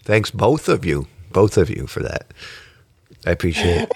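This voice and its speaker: A man's voice: deep voice, big pitch swings, vocal fry, background noise. A male podcast host in casual chat, playful and teasing. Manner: playful, teasing, quick to laugh.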